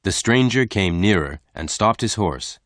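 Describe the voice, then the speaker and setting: Deep-voiced male story narrator. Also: animated, background noise. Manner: slow, clear reading for learners.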